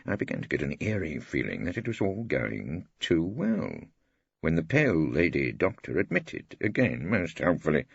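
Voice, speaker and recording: An older English man narrating an audiobook in the first person, dry, wry and measured. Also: a bass voice, very animated, creaky, husky, no echo. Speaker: audiobook reader. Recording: dull dry studio audiobook.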